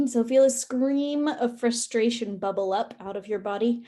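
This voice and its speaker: A woman leading a guided session for releasing perfectionism, speaking in a calm and instructive way, with tapping and breathing directions. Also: fairly high pitch, a little slow. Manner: calm, instructive, with some fillers.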